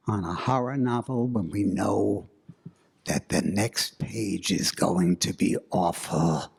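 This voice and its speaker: A man telling a spooky story live, slow and dramatic with suspenseful pauses. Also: lowish voice, vocal fry, a little mellow, breathy edge.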